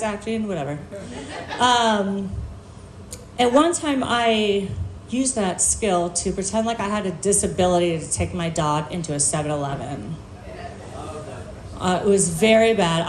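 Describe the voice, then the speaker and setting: A woman's voice: mid-range voice, measured pace. A woman doing a stand-up set on a bar stage, telling stories in a brash, profane, self-mocking way. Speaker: stand-up comedian. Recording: echoey live room.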